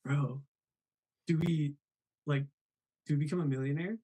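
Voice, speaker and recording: A man's voice: on the high side, steady tone, unhurried, warm tone. A young man hosting a casual live stream, laughing often and reading chat messages aloud. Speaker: host of a live show.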